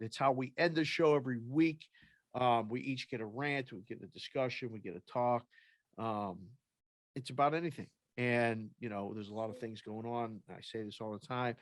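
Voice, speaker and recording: A man's voice: mid-range voice, no echo. A man hosting a sports podcast, chatting in an upbeat way and plugging the show's segments. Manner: upbeat, chatty, plugs the show. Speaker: podcast host. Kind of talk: casual podcast chat.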